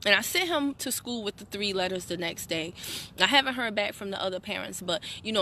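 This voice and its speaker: Animated woman, bright voice. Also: mid-range voice, fairly quick, slight background noise. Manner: animated, chatty, laughs often, addresses viewers as y'all. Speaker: wellness products seller and team leader. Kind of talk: casual livestream talk to followers.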